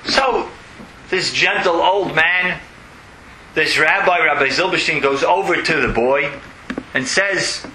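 A man's voice: a little high, a little slow, reverberant, background noise. A man giving an earnest religious lesson, telling a story and explaining it, often repeating key phrases for emphasis. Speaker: religious teacher.

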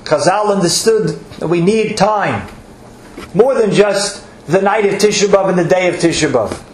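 A man's voice: high voice, normal speed, slight background noise. A man giving an earnest sermon, stretching out words for emphasis and weaving in Hebrew terms. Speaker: rabbi. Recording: echoey room with faint ambience.

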